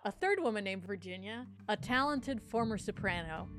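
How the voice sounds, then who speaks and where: A woman's voice: medium pitch, animated, moderate pace, a bit bright, soft background music. A woman co-hosting a podcast, chatting and telling a true crime story in a loose, giggly way full of "like.". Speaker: podcast co-host.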